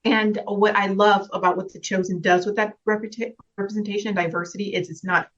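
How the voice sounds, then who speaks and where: Woman, actress guest, casual interview, earnest, reflective, frequent laughs, mid pitch, lo-fi sound. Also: level tone, fast talker, a bit bright. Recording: slightly dull, lo-fi sound.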